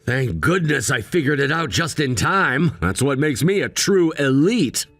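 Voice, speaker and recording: An actor playing an arrogant, snobbish young fiancé who talks down to others with a sneer, in a dramatized text story. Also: male voice, fairly high pitch, animated, measured pace, a bit bright, no echo, soft background music, exaggerated voice. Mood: contemptuous. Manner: sneering, condescending.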